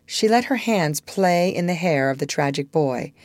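A woman narrating a storybook aloud in an expressive, gently wistful way. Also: low-pitched, moderate pace, no room sound, studio quality. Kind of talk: storybook reading.

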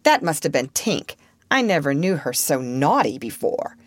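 A woman's voice: low-pitched, big pitch swings, moderate pace, no room sound, studio quality. Peter, a woman doing a cocky sly boy. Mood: coaxing. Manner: boastful and coaxing. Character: cocky, cunning boy Peter who never grows up. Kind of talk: storybook reading.

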